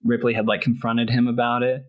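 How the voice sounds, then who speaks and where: A man's voice: mid-range voice, completely flat delivery, fairly quick. Guy on a horror movie podcast, rambly casual plot recap, lots of likes and ums. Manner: rambling, filler-heavy retelling of the plot. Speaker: podcast co-host. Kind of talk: casual movie review chat.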